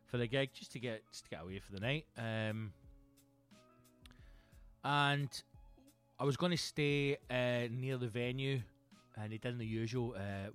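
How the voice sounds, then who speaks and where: A Scottish man hosting a comedy podcast, telling sweary, animated stories in a monologue. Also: medium pitch, measured pace, pauses often, faint music behind. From Scotland.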